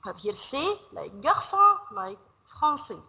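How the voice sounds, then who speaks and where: A woman leads a classroom lesson, her high voice bright and sharp. She drills each word again and again, slow and patient. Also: big pitch swings, creaky, low-quality recording. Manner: repeats words slowly, drilling pronunciation. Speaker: French teacher. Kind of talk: classroom teaching. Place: school classroom.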